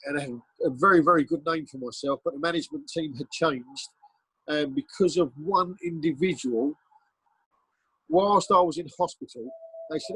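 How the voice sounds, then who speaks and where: Man, middle-aged, husky, blunt, rambling storyteller, dry sound. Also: fairly high pitch, normal speed, a bit bright, dry recording, low-quality recording. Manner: rambling, blunt, with frequent ums and restarts. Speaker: podcast guest, former bodyguard. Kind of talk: casual storytelling interview.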